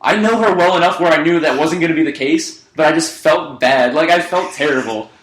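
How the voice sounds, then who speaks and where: A man's voice: on the high side, a little fast, fairly bright tone. A young man casually telling a rambling story on a podcast, swearing and laughing along as he goes. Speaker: podcast co-host. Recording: echoey room.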